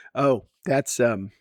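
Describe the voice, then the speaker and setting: A man's voice: mid-range voice, darkish tone, dry recording, studio quality. A middle-aged man talking to camera at home in a rambling, self-mocking way and laughing often. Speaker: vlogger. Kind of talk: rambling casual vlog.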